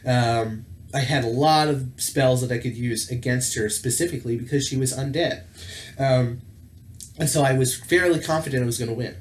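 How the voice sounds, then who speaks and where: A man's voice: mid-range voice, moderate pace. A man hosting a tabletop gaming channel tells a personal story in a casual, rambling way, full of fillers and self-corrections. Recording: roomy echo with faint background noise.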